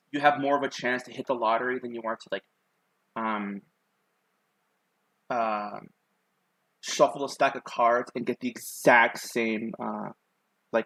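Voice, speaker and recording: A young man with a mid-range, fairly bright voice streams himself sketching and rambles casually to his viewers, filling gaps with lots of ums and likes. There's no room sound.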